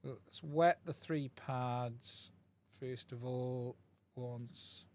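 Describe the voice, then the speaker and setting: Speaking extremely slowly, this man has a medium-pitched, a little mellow voice with fairly even intonation. He chats through a live-streamed radio controller repair at his workbench, thinking aloud and addressing viewers, on a desk mic he swaps out during the stream.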